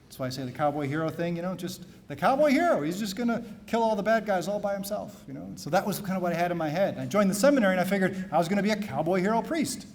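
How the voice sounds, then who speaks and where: A man, a priest, giving a keynote talk at a conference, telling stories softly and then preaching loud and emphatic. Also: sits high, lively intonation, very fast, few pauses. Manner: storytelling, shifting from soft confiding to loud emphatic preaching. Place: conference hall.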